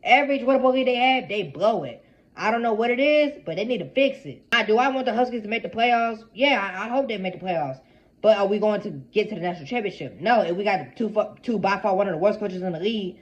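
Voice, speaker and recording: A man's voice: high-pitched, expressive, quick pace, highs cut off. A young man giving an exasperated, repetitive fan rant about his team, heavy on slang. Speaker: sports fan commentator.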